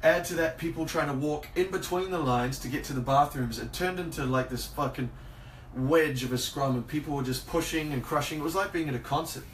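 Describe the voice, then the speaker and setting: A man's voice: a little high, a little fast. A man co-hosting a podcast, chatting casually and rambling through stories with plenty of swearing. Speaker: podcast co-host. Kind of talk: casual chat. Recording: roomy, distant from the mic, faint noise.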